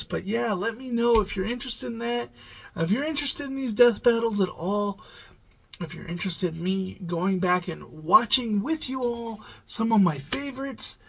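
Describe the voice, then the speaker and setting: Reaction channel host, tired late-night ramble, lots of "ums", creaky low-energy delivery. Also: a little hiss or hum, low-quality recording. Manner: rambling, hesitant, many fillers. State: sleepy, yawning. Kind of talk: casual late-night vlog talk.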